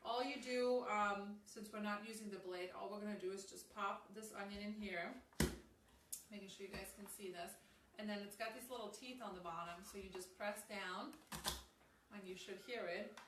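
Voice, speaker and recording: A woman at normal speed, medium pitch and fairly even intonation hosts a casual cooking live stream in her home kitchen. Chatty and cheerful, she talks directly to her audience with plenty of ums, heard through a distant mic amid kitchen echo and faint noise.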